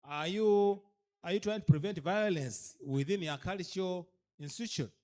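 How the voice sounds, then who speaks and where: Speaking at normal speed in a high-pitched, slightly mellow voice, this man trains cultural leaders during their orientation. His accent is Ugandan, he moves between English and a local language, and he presses hard with rhetorical questions asked again and again.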